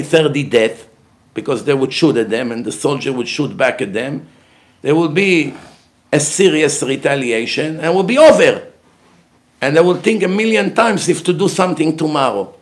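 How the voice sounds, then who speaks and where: A man giving a heated religious lecture as a rabbi, emphatic and blunt, asking questions and answering them himself. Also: on the high side. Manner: emphatic, grows loud and forceful when making a point.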